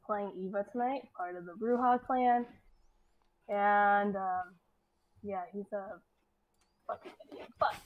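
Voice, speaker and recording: Mid-pitched female player, blunt and offhand. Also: lo-fi sound, a little hiss or hum. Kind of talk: casual game talk.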